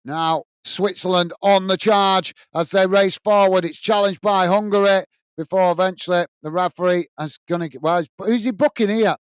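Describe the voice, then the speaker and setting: A man's voice: high-pitched, steady tone, moderate pace, clear, resonant tone, dry recording. A man hosting a live football watch-along, calling the play and cheerfully reading out viewers' messages. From United Kingdom. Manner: upbeat, reads out viewer messages and calls the play.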